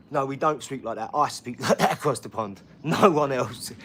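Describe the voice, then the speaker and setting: A man's voice: medium pitch, unhurried, noisy background. A man who is a father, rambling and boastful in casual live-stream chat, mixing in street slang. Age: adult father.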